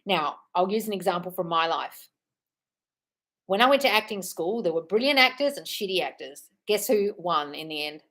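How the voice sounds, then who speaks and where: A woman's voice: lowish voice, expressive, normal speed, fairly bright tone. Playful, blunt woman coach on a home live stream, casual and profane. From United Kingdom. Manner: swearing, playful, calls viewers darling, reads comments aloud. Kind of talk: casual live-stream chat reading comments.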